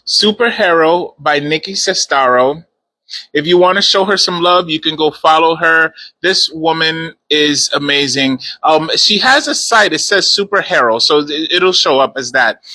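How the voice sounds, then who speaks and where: Guy chatting on a phone livestream, kinda high voice, encouraging, says stuff twice. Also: bright, forceful tone, rough recording. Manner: encouraging, repeats his points. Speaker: host of a live stream. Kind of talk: casual live-stream chat.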